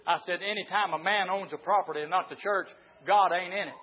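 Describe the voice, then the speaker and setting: An older man preaching a fiery sermon as pastor, moving from quiet storytelling into shouted preaching. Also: high-pitched, steady tone, a little fast, lo-fi sound, a little hiss or hum.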